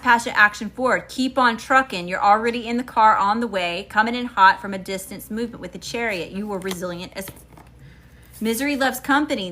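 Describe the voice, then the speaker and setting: A woman from Mississippi speaks in a Southern accent, giving a chatty, emphatic tarot reading to her viewers. Her voice is bright and forward. She talks casually and scatters "y'all" and "okay?" all through it. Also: medium pitch. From Mississippi, USA. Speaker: tarot reader.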